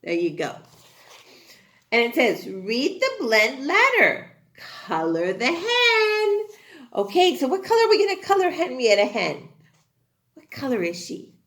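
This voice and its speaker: A woman's voice: sits high, wildly swooping pitch, a little slow, fairly bright tone. A woman teaching a kindergarten class in an exaggerated sing-song, call-and-response way. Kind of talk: teaching young children. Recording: roomy echoing room.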